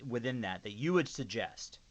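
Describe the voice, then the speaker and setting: A man with a mid-range voice hosts an interview podcast. He affirms his guest warmly and then asks a practical follow-up question. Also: mid-range voice, animated, normal speed. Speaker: podcast host. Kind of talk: conversational interview.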